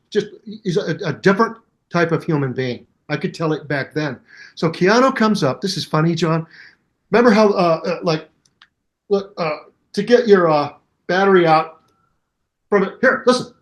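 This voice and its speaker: An older man, a bass teacher, telling stories in a casual interview and scatting bass lines aloud to show exercises. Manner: animated storyteller who scats bass lines aloud. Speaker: bass teacher and musician guest.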